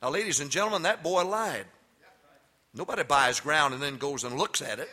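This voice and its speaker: A middle-aged male pastor preaching a humorous sermon to a live congregation, telling jokey stories and then building into shouted exhortation. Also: fairly high pitch, animated, moderate pace, husky. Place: church before a live congregation.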